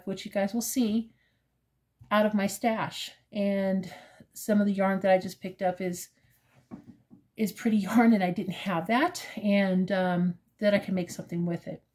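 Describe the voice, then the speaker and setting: A woman in her fifties, talking in a casual personal vlog with a hesitant, halting manner full of fillers, earnest and openly emotional. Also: mid-range voice, fairly even intonation, a little mellow. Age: 50s. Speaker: crochet vlogger.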